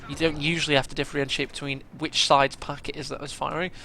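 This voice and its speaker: Bright-voiced male game caster. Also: on the high side, fast, vocal fry, a little hiss or hum. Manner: chatty play-by-play, bursts of excitement at big moments. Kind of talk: strategy game commentary.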